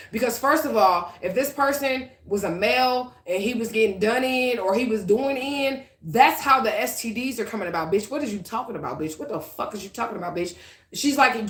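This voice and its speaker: A woman's voice: medium pitch, fairly quick, fairly bright tone, reverberant. A woman, a psychic reader ranting profanely and combatively to her followers in a vlog. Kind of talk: rambling vlog rant.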